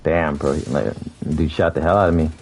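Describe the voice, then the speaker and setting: A man's voice: very deep voice, fairly even intonation, normal speed, a little mellow, a little hiss or hum. A young man from South Florida chatting casually while streaming a game, laid-back, laughing often and calling people bro. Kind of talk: casual chat while gaming.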